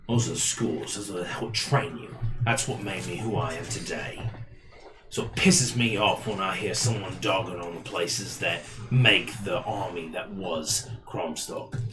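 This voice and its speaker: Guy doing a blunt mean bounty hunter, real low, music in back. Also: a little slow, echoey room. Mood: scornful. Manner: blunt, scornful. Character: gruff male mercenary bounty hunter, contemptuous.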